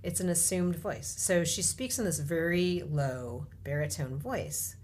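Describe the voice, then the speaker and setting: A woman with a low voice, speaking as a guest in a casual interview, articulate and thoughtful. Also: unhurried, a little mellow.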